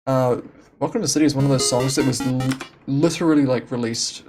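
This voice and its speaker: Over music, a game streamer talks quickly in a medium-pitched voice with fairly even intonation, chatting casually from a home room. They ramble, restart, laugh frequently, and put themselves down.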